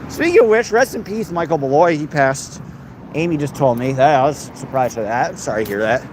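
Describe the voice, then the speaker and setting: A man hosting a loose livestream, reading viewers' comments in a slightly high voice and throwing out crude, mock-threatening jokes. He is outdoors on a noisy recording, with a clear hum of traffic and machinery behind him. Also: animated, fairly quick. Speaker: livestream host.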